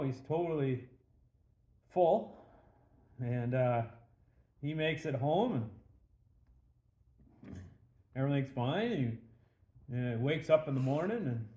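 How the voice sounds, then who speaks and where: A man's voice: mid-range voice, dark tone. A man hosting a casual beer review show, rambling a little with fillers as he tells a joke, in an echoey room.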